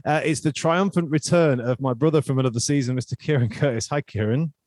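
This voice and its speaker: A man's voice: mid-range voice, fast talker, darkish tone, dry recording, clean studio sound. A man hosting a casual football podcast, chatty and jokey. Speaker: podcast host.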